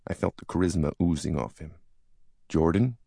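A man's voice: rumbling low, moderate pace, vocal fry, a little mellow, no room sound. Male audiobook narrator, wry first-person memoir read, dry close recording.

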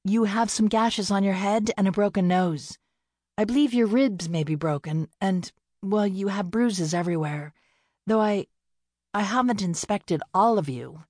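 A woman's voice: mid-range voice, measured pace, darkish tone, no echo, studio quality, voice pushed up, natural voice. A woman voicing an earnest, flustered young farm woman who speaks kindly and trips over her words when nervous. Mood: flustered, caring.

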